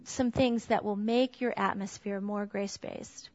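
A woman's voice: mid-range voice, steady tone, measured pace, darkish tone. A middle-aged woman giving a candid, conversational talk to a group of parents. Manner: conversational, candid, with a personal story. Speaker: speaker on parenting. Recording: dull sound in a large reverberant hall.

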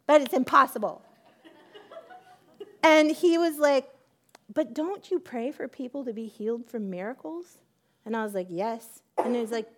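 A woman giving a personal testimony in church, acting out both sides of her conversations with God and laughing at herself often. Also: high-pitched.

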